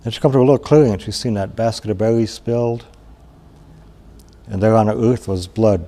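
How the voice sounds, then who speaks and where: Gravelly low-voiced male storyteller. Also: mellow. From Wisconsin. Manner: unhurried, plain-spoken, with pauses and restarts. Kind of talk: traditional oral storytelling.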